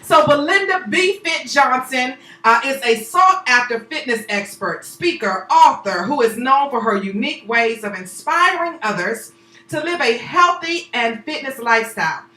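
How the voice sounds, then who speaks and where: A woman's voice: high voice, lively intonation, normal speed, pushed and bright, reverberant, rough recording. A woman hosting a live talk show, exuberant and chatty, whooping and cheering as she introduces her guests in the studio on a handheld microphone.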